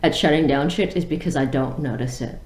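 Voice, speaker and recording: Tipsy female co-host, dry deadpan delivery, lowish voice, roomy sound. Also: brisk. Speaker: podcast co-host. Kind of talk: casual chat.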